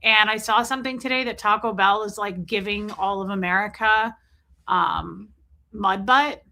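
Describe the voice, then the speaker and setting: A woman's voice: medium pitch, moderate pace, pushed and bright. A woman hosting a casual livestream, chatting and joking as she reads out viewers' names. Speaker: livestream host.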